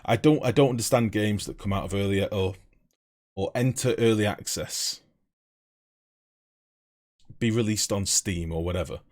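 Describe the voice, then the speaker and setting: Young guy streaming games, low voice, blunt, sweary, rambling chat. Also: normal speed, pauses often, a little mellow. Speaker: game streamer. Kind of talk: casual live-stream chat.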